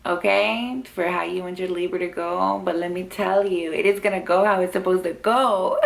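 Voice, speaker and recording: Young woman vlogger, low gravelly voice, rambling chatty story to camera at home. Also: moderate pace. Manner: chatty, says "like" constantly, laughs often. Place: at home with her baby.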